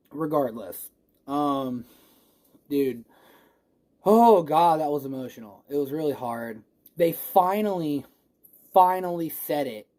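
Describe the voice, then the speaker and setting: A movie reviewer in a casual spoiler review vlog who says they are a little stoned. They ramble and gush, swear freely and restart sentences often. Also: mid-range voice. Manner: rambling, gushing, swears a lot; excitable, emotional, restarts often.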